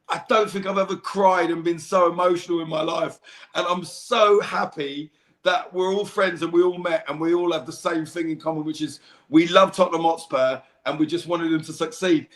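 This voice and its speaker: A man talking in a casual podcast chat, emotional and animated, calling the host mate. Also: fairly high pitch, moderate pace, reverberant. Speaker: podcast regular, fan guest.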